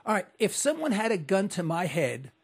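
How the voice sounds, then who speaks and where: A middle-aged man from New York hosting a call-in radio talk show, speaking formally, slowly and deliberately. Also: high voice, very animated, a crowd in the background.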